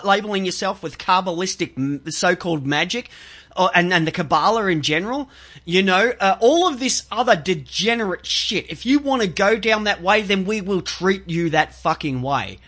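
A man with a notably high speaking voice hosts a casual talk show. He curses freely and rambles, breaking off and restarting his sentences. His delivery is loose and conversational. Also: a bit bright. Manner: profane, rambling, with many restarts. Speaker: show host.

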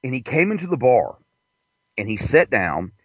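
A man's voice: mid-range voice, sing-song, moderate pace, a bit bright, breathy edge, dry recording. A man doing a rambling, profane comedy monologue from inside a parked car. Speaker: comedian host. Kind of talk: crude stand-up monologue. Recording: dull lo-fi, dry.

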